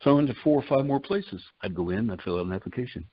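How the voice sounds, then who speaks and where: In a dry, dull lo-fi recording, an older man gives a personal testimony in a folksy style. His voice is fairly low, animated, and fast as he retells conversations line by line in quotes.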